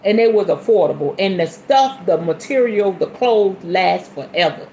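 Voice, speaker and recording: A woman in her forties hosting a casual spiritual podcast, chatty and animated, calling listeners honey and y'all, with sudden whoops. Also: mid-range voice, reverberant, highs cut off, a little hiss or hum. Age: 40s. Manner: sudden whoops and shifts between fast and slow. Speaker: podcast host.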